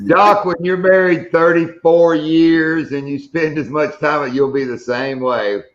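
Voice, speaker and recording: A man's voice: fairly high pitch, fairly even intonation, measured pace, echoey room, highs cut off. A man hosting a casual live-stream chat, telling stories with a joking manner. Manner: joking storyteller. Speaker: host.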